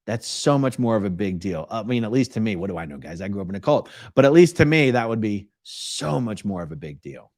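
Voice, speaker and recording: A man's voice: fairly low pitch, big pitch swings, fairly quick, hardly any pauses, a little mellow, no room sound, studio quality. A man hosting a casual live-stream Q&A, reading viewer questions aloud and answering them at length in a conversational way.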